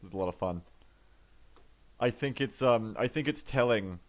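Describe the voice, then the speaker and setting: A man's voice: on the low side, normal speed. A man playing a tabletop game over voice chat, crude and enthusiastic. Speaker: player. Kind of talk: casual voice chat.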